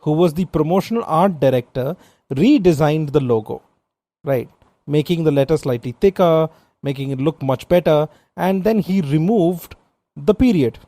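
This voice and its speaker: A man co-hosting a trivia podcast in casual chat, playful and animated as he tells stories. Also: a little high, normal speed, dry recording. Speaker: podcast co-host.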